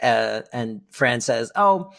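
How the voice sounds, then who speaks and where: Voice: medium pitch, expressive, takes it slowly, gravelly. A podcast co-host in casual chat about a sitcom episode, acting out the quoted lines with big voices.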